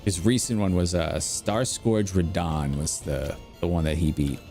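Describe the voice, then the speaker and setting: A middle-aged man with a low, steady, mellow voice talks unhurriedly while playing a game, faint music in the background. As a gameplay streamer, he rambles through anecdotes full of fillers.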